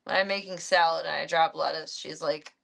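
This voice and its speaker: Young woman streamer, gravelly, casual pet chatter, calls her pets in a high coaxing voice. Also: steady tone, a little fast, fairly bright tone. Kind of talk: casual chat while feeding pets.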